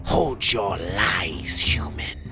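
A sinister bat-winged creature king, as a male storyteller puts him on, speaking in a harsh, hissing whisper. The voice sinks low and breathy and snarls its threats, cruel and suspicious, in a storybook reading. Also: very animated, extremely slow, over music, full character voice. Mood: menacing.

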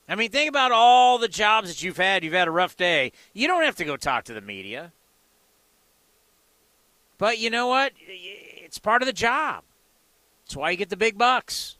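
Male sports radio host, excitable and rhetorical, high bright voice. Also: normal speed, no room sound. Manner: excitable, rhetorical questions, acts out quotes. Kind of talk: animated sports talk commentary.

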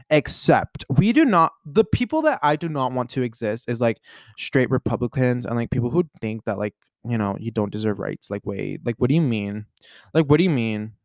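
A young man from the United States chats on his own podcast, rambling and playful, tripping into restarts and peppering every thought with "like." His voice sits at a middle pitch, and the recording is close and dry with no room sound. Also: no room sound. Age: young adult. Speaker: podcast host. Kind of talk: casual solo chat.

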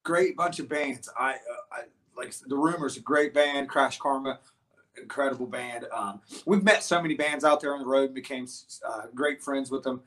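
A man guesting on an interview show, talking in a loose, rambling way with lots of restarts and fillers. His voice sits at an ordinary middle pitch, and he gets animated as he tells his stories. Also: moderate pace. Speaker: guest musician. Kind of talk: casual interview storytelling.

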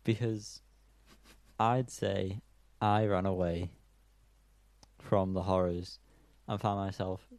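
A man's voice: deep voice, level tone, slow, darkish tone. A young man co-hosting a podcast, rambling and joking about songs in a self-deprecating way. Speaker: podcast co-host. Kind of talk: casual music review chat.

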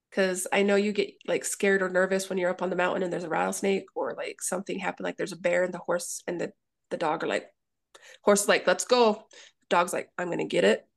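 Female dog trainer, gravelly timbre, earnest and chatty. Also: medium pitch. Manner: earnest, acts out dogs and owners in quick asides. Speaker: dog trainer and daycare owner. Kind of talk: casual interview talk.

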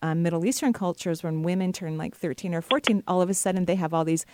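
A woman's voice: fairly low pitch, fast, dry recording, studio quality. A woman hosting an advice show, talking casually to callers and laughing often. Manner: warm, chatty, laughs often. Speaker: intuitive advice show host.

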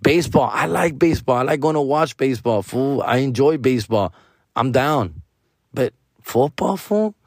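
A man's voice: medium pitch, animated, normal speed, no echo, clean studio sound. A man, telling stories in a casual, profane way, tossing in "fool", "dog" and Spanish slang. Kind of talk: casual storytelling chat.

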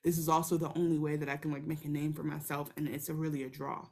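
A woman in relaxed conversation, recapping a television episode with a fairly low voice. She slips into playful character voices when quoting scenes, animated and expressive. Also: fast talker. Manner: animated, acts out characters in quoted asides. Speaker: podcast co-host. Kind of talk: casual TV recap chat.

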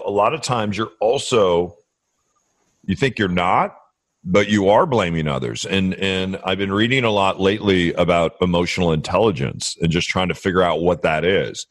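Middle-aged man, podcast host, deep, lively intonation, reflective, dry close sound. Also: normal speed, no echo. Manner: reflective, repeats words while thinking. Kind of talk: casual conversational interview.

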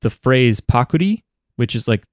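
A man co-hosting a casual podcast chat, talking in animated bursts full of "like". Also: medium pitch, normal speed, dry recording, clean studio sound. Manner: animated, talks in bursts with many "like"s. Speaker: podcast co-host. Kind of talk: casual chat about an anime.

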